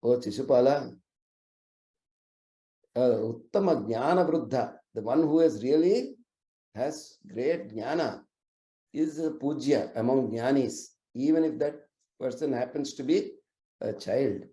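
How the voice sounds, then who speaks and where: A man voicing a calm wise old warrior. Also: mid-range voice, measured pace, pauses often, lightly acted. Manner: calm, explaining. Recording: roomy echoey recording.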